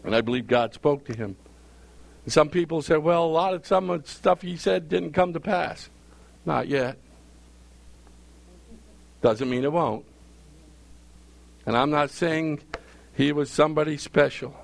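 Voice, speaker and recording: A man's voice: fairly high pitch, unhurried, gravelly, pauses often. A male pastor preaching a sermon, repeating phrases for emphasis and calling out questions to his congregation.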